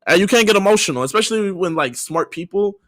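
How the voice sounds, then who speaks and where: An upbeat young man rambles earnestly as a guest on a livestream. His voice sits a little high, and the sound is dry and close. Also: expressive, fast, fairly bright tone, no echo. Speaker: streamer guest. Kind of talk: casual livestream chat.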